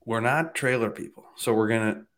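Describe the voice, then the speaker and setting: A man with a voice sitting a touch low tells a long story in a loose, chatty way. He acts out the other people's lines as he goes and swears without a second thought. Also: brisk, a bit bright. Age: adult, married. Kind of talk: casual storytelling chat.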